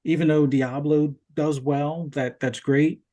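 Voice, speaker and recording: A man's voice: fairly high pitch, fairly even intonation, measured pace, warm tone. A man co-hosting a gaming podcast, talking things through in casual chat and often restarting his sentences. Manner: hesitant, restarts sentences while reasoning. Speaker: podcast co-host.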